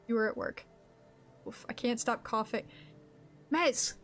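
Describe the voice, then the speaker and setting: A woman live-streaming a game, chatting casually with her viewers in an excitable, laughing way. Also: a little high, a little slow, long pauses, soft background music. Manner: greets chat viewers mid-game.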